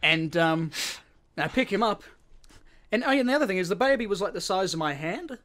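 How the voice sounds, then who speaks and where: A man's voice: high-pitched, lively intonation, fairly quick, fairly bright tone, a little hiss or hum. An Australian man co-hosting a podcast, casually telling a long story with lots of repeated words and casual swearing. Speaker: podcast co-host.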